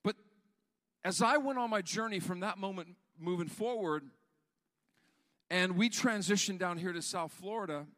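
A man preaching a sermon as pastor, animated and often repeating words as he builds a point. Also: high-pitched, normal speed, pauses often, long reverb tail.

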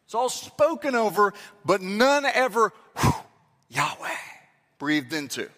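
A man delivers a sermon in a high, bright voice. He draws out key phrases slowly and acts out short quoted exchanges. The sound rings with the long reverb of a large church hall. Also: sing-song. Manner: emphatic, drawn-out dramatic delivery with acted-out quotes. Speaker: preacher.

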